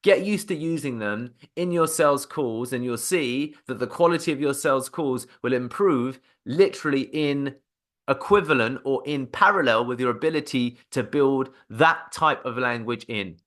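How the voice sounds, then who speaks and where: Male sales coach, medium pitch, upbeat teaching tone. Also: moderate pace. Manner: energetic, acts out sample phone phrases. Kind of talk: instructional talk to camera.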